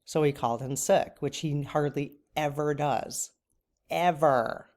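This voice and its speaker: A woman's voice: low voice, measured pace, a little mellow. A middle-aged woman talking casually to camera in a personal vlog, often emotional and close to tears. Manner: tearful, breaks off to cry. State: crying at times. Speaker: channel host.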